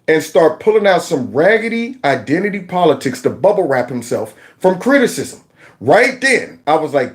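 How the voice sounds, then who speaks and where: A man hosting an opinionated commentary vlog, mocking and animated, laughing often as he reacts to clips. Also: on the high side. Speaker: political commentary host.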